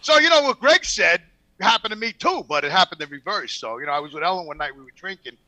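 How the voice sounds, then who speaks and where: A man on a casual podcast telling a profane, animated story and acting out the quoted dialogue. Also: high-pitched, fast talker, low-quality recording.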